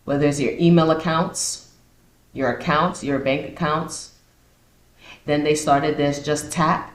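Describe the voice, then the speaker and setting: A woman's voice: low voice, fairly even intonation, slow. A woman hosting a podcast, reading points aloud and then riffing on them with sarcastic asides. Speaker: podcast host. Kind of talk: casual commentary podcast. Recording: roomy echo.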